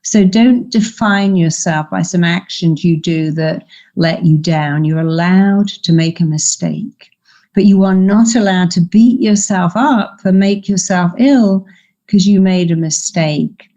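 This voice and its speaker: A woman's voice: fairly low pitch, measured pace, mellow, muffled recording. An older woman, a therapist, giving emphatic coaching advice in a podcast interview and acting out quoted voices. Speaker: therapist and guest speaker.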